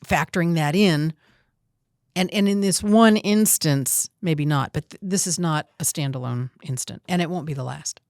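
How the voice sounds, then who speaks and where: A woman's voice: low voice, normal speed, a little mellow, dry recording, studio quality. A woman hosting a coaching talk, direct and emphatic, teasing her guest now and then. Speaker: host and coach. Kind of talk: coaching conversation.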